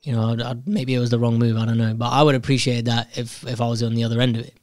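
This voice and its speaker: A man's voice: medium pitch, level tone, racing, a little mellow, dry recording, studio quality. A man in a casual, candid monologue telling a personal story, reflecting on himself and often restarting his sentences.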